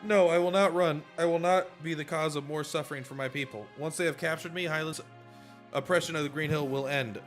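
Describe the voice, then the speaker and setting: A man's voice: a little high, fairly even intonation, brisk, faint music behind, close to an everyday voice. A resolute noblewoman leader, as a man reads her lines. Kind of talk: reading game dialogue aloud.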